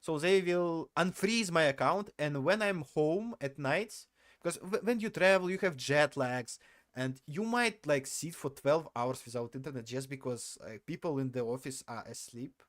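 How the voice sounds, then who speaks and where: A man's voice: a little high, normal speed, fairly bright tone, dry recording, clean studio sound. A man telling a story casually on a live stream, rambling and correcting himself as he goes, often laughing at himself.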